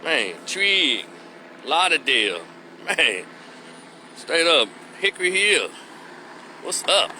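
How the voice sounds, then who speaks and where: Bright-voiced Memphis man riffing. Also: a little high, sing-song, takes it slowly, pauses often, a little hiss or hum. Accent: Memphis Southern. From Memphis, Tennessee. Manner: loose, rhythmic street talk with frequent "man" and "you hear me". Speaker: commentary vlogger. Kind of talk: casual opinion monologue.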